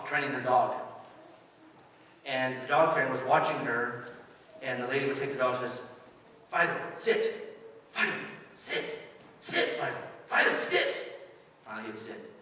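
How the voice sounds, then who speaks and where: A man's voice: mid-range voice, steady tone, moderate pace, pauses often, fairly bright tone. A middle-aged man preaching a sermon as pastor, speaking conversationally and turning to address the children directly. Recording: distant mic, echoey church hall, faint hiss.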